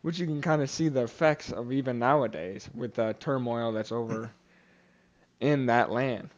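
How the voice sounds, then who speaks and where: At a moderate pace, a young man with a mid-pitched voice hosts a podcast retelling Bible stories in a loose, casual style. He often pauses for fillers, restarts his phrases, and voices the characters' quotes himself, on a slightly dull, lo-fi recording.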